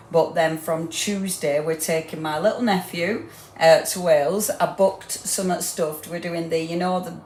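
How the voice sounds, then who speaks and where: A woman hosting a crafting live stream, greeting viewers by name in a bubbly, excitable way with lots of "um". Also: deep voice, echoey room, slight background noise. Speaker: craft livestream host. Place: home craft room.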